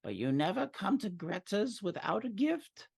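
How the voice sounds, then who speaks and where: A man voicing an old woman who lives in a cottage, with a sing-song, drawn-out manner. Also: sits high, sing-song, gravelly, a little mellow, husky, dry recording, voice pushed up, full character voice. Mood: sweetly inviting.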